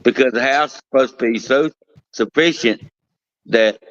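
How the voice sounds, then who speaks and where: A man's voice: medium pitch, normal speed, a bit bright. A man who works at a cigar plant, chatting casually, often restarting and trailing off mid-thought. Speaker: guest, cigar plant worker. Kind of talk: casual chat. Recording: dull lo-fi sound.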